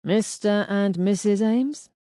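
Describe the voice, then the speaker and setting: A woman reading the part of a calm, steady male police inspector who speaks in a measured, formal way. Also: sits high, no room sound, studio quality, pitched above the performer's own voice. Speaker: detective inspector.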